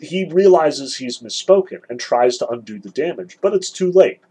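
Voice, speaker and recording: A man's voice: on the high side, expressive, moderate pace, warm tone, breathy edge, rough recording. A man teaching a literature lesson, explaining the scene step by step and weighing each side in turn. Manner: explanatory, weighs both sides repeatedly. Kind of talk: recorded lecture.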